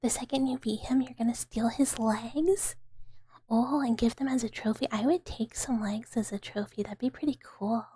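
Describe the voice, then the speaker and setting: A woman from the American South, chatting in a whispered ASMR live stream. She whispers softly and rambles, with many fillers. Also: fairly high pitch, fairly even intonation, normal speed, husky, no room sound. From Southern United States.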